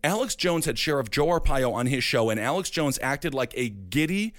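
A man's voice: medium pitch, expressive, fairly bright tone, no room sound. Emphatic political talk host, man. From Wisconsin, USA. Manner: emphatic, repeats points, quick laughs. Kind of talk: political commentary chat.

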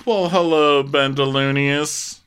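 A man's voice: fairly high pitch, steady tone, slow pace, a bit bright, smooth. A man co-hosting a casual reality-TV podcast, wry and sarcastic, rambling as he talks. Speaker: podcast co-host.

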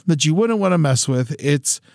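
A man's voice: fairly high pitch, animated, normal speed, vocal fry, darkish tone, no room sound, clean studio sound. Laid-back swearing podcast man. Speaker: podcast co-host. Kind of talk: casual chat.

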